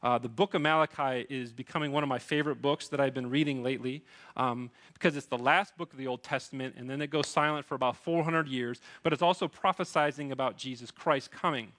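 A man's voice: mid-range voice, steady tone, fast talker, fairly bright tone. A man in his thirties preaching a sermon as pastor, earnest and pleading, with frequent restarts.

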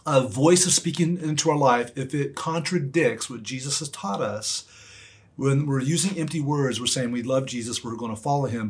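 Husky-voiced man preaching earnestly. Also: mid-range voice. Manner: earnest, emphatic preaching with repetition. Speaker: pastor. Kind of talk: sermon.

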